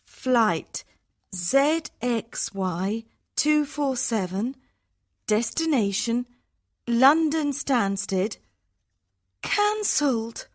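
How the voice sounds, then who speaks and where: A man's voice: very high voice, big pitch swings, very slow, pitched above the performer's own voice, full character voice. A man reading a story aloud, voicing an anxious young woman traveller who pleads urgently.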